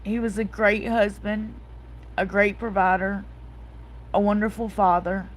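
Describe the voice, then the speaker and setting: Slow-talking woman hosting a chat. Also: medium pitch, little pitch movement, slight background noise, poor audio. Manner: chatty storytelling, reading viewer comments aloud. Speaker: host. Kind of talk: casual livestream chat.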